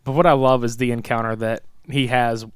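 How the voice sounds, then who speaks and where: Animated, swearing podcast guy. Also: mid-range voice, fairly quick, clear, resonant tone, no echo, clean studio sound. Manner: animated, profane, laughs often, quotes scenes. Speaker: podcast co-host. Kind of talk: casual movie chat.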